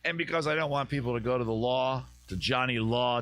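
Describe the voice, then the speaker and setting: A man's voice: mid-range voice, brisk, fairly bright tone. A man from the US East Coast hosting a comedy advice live stream outdoors in his backyard, rambling and joking on tangents. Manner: rambling, jokey, riffing on tangents.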